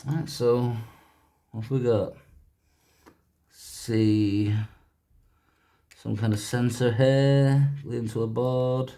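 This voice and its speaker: A man's voice: mid-range voice, flat delivery, slow, pauses often, dark tone. A man casually talking through a gadget teardown in a chatty, rambling way, often correcting himself. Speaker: YouTuber doing a gadget teardown.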